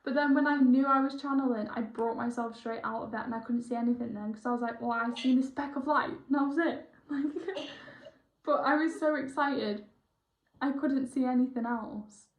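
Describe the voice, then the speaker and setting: A young woman, a spiritual healer chatting excitably through a one-on-one session, rambling and correcting herself as she goes. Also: on the high side, moderate pace. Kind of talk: casual one-on-one session chat. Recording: roomy, dull lo-fi sound.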